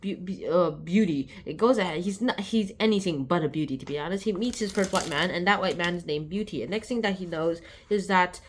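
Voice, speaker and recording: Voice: medium pitch, a little fast, hardly any pauses, a little hiss or hum. A young speaker casually summarizing a novel on their channel, rambling with many restarts and acting out scenes. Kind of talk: casual spoken book summary.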